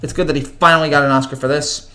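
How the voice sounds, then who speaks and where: A man's voice: fairly high pitch, fairly even intonation, fast talker, pushed and bright. A young man in his twenties hosting a casual livestream, chatting with viewers in a rambling way, full of fillers and stammered restarts. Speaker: livestream host. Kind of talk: casual live chat reading viewer comments.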